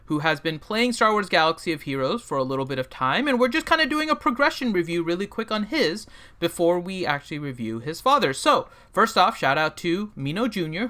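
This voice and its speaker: Bright-voiced joking man hosting a stream. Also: high-pitched, very animated, a little fast. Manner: joking, rambling, with many fillers. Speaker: host of a gaming livestream. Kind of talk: casual livestream chat and game roster review.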